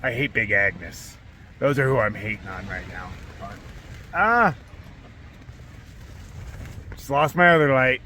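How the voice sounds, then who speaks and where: A man's voice: mid-range voice, sharp tone, slight background noise. A man filming a vlog from inside a small tent during a windstorm. He sounds cold, hungry and worn down, talking close to a handheld camera and swearing a lot. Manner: weary, frustrated, swears often. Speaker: long-distance hiker. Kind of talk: vlog filmed while camping.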